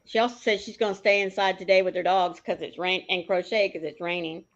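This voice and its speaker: A woman off to the side of a livestream, reading out viewer comments in slow, offhand remarks. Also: fairly low pitch, steady tone. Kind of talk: casual background chat. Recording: dull, muffled, off-mic.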